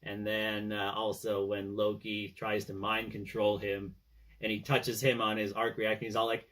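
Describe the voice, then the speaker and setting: His delivery is completely flat, his voice on the low side yet fairly bright, at a normal speed. This man is a fan talking casually about his favorite films, rambling through fillers and retelling scenes with "he's all like."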